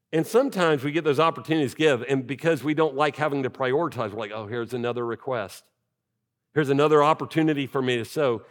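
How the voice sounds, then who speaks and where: A man, a pastor, preaching a sermon and reading scripture aloud, shifting from quiet, measured passages to rising, urgent emphasis. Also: fairly high pitch.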